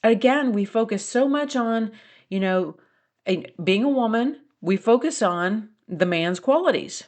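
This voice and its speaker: A woman's voice: fairly high pitch, expressive, a little slow, darkish tone. A middle-aged woman hosting a solo podcast, talking earnestly and challenging listeners with pointed questions. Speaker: podcast host. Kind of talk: reflective solo podcast talk.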